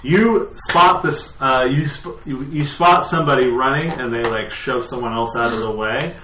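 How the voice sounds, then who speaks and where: A man serves as dungeon master for a tabletop game, narrating in a relaxed, hesitant way packed with fillers. His voice is medium-pitched at a normal speed, recorded in an echoey room with faint noise.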